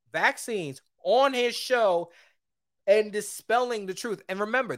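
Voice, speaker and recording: A man hosting his own podcast, giving heated, opinionated solo commentary that swings between loud outbursts and low asides. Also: no room sound, clean studio sound. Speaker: podcast host.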